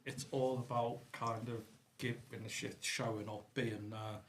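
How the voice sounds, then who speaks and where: A man with a mid-range voice shares an anecdote in a relaxed podcast chat. He is thoughtful and unhurried, pausing on frequent ums. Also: mid-range voice, slight background noise. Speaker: podcast co-host. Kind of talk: casual group chat.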